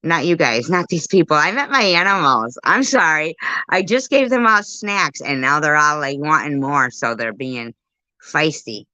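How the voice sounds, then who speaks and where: A woman's voice: sits low, lively intonation, moderate pace, bright, forceful tone, no echo, rough recording. A woman doing casual live commentary as a YouTuber, rambling and swearing as she talks to her viewers.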